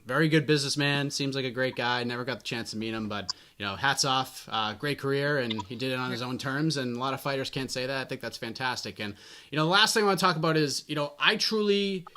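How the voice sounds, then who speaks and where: A man's voice: fairly high pitch, bright, forceful tone, slight background noise. A young adult man hosting an interview, asking long, winding questions in a chatty, casual way. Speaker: MMA interviewer.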